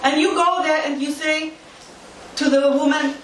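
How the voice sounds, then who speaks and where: Woman, lecturer, emphatic and animated, high voice, distant mic, very echoey hall. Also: moderate pace. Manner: emphatic, uses volunteer demonstrations. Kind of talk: interactive lecture. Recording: echoey hall from far off, faint noise.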